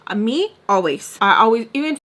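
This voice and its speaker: Woman vlogger, animated casual storyteller, swears freely. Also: on the high side, normal speed.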